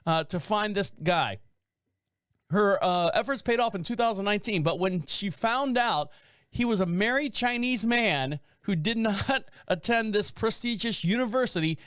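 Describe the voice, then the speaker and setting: Riffing jokily and rambling through news items he reads out, this man delivers a casual podcast monologue. His voice is high with a fairly bright tone, recorded cleanly in a studio with no room sound.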